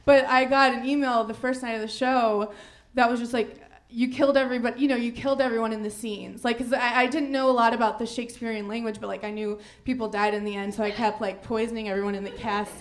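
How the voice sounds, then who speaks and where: A woman's voice: on the high side, fairly even intonation, quick pace. A woman comedian telling a rambling, self-mocking story on stage, often breaking into giggles. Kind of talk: live storytelling stand-up.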